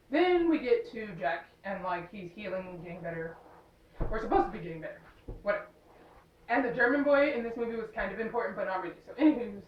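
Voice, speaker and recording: A woman's voice: mid-range voice, reverberant, recorded from a distance, muffled recording. A young woman casually recapping a movie, rambling with lots of fillers and sarcastic asides. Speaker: movie reviewer.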